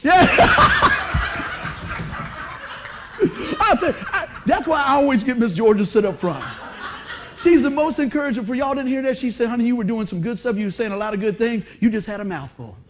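A man preaching a humorous storytelling sermon in a church, animated and laughing often, breaking into excited whoops. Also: very high-pitched, fast. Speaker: pastor. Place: church sanctuary before a congregation.

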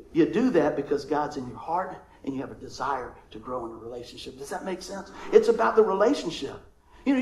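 A man's voice: high voice, echoey room, low-quality recording. A male pastor, preaching a conversational sermon and calling for amens.

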